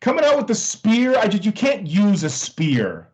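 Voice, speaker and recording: A man co-hosting a casual wrestling podcast, talking in an animated, joking way with plenty of swearing. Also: high voice, normal speed, husky, rough recording. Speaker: podcast co-host.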